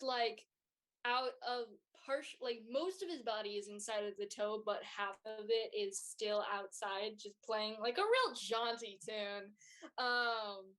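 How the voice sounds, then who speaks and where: A woman's voice: fairly high pitch, fairly bright tone. A woman narrating a tabletop game as game master, rambling with lots of fillers.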